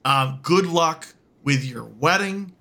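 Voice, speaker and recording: A man's voice: fairly high pitch, lively intonation, slow, vocal fry, sharp tone. A man hosting an interview show, friendly and joking as he wraps up with his guest. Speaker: podcast host. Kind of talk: casual interview chat.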